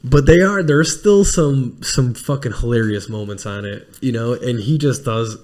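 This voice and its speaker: A man hosting a podcast in casual chat, rambling with quick restarts and plenty of swearing. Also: medium pitch. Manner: mimics film lines in lively put-on voices. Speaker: podcast host.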